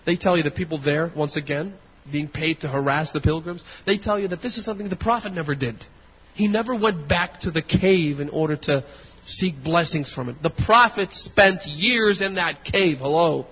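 A male preacher delivering a sermon, moving between hushed storytelling and impassioned near-shouting, with a husky voice. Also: a little high, fairly quick, hardly any pauses. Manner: impassioned, builds to near shouts and weeping intensity. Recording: dull lo-fi audio in a long-reverb hall.

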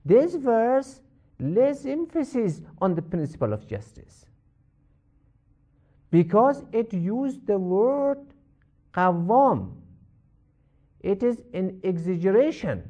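Male religious teacher, unhurried and lively in pitch, restates every point. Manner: measured, repeats points for emphasis. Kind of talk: explaining a Quran verse in a lecture.

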